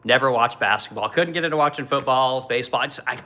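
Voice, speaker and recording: A man hosting a casual livestream from his workshop, talking bluntly and swearing freely. His voice is bright and forceful, middle in pitch, and he rambles with fillers and keeps asking his viewers "right?". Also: quick pace, dull audio, a little hiss or hum. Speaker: livestream host reading comments. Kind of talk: casual political rant.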